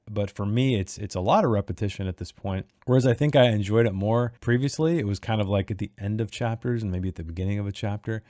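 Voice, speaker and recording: A man hosting a book club read-along, reading passages aloud and then thinking out loud with lots of fillers and restarts. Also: on the low side, dry recording, studio quality. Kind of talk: casual read-along discussion.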